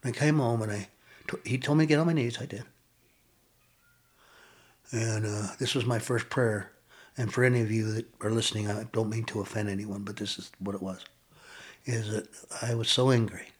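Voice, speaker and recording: An older man with a low, husky voice speaks as a podcast guest. He tells his personal recovery story in an earnest, reflective way and pauses often. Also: steady tone.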